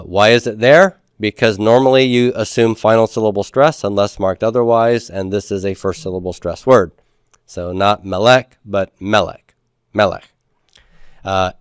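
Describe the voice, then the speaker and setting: A man's voice: lowish voice, clean tone, no room sound, clean studio sound. A man teaching a recorded lesson from a handout, explaining step by step with frequent fillers and restarts. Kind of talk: recorded lecture walking through a handout.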